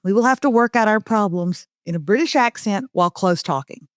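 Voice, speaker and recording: A woman hosting a comedy podcast, animated and joking. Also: medium pitch, brisk, no echo, studio quality. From Southern US. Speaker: podcast host. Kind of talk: casual comedic chat.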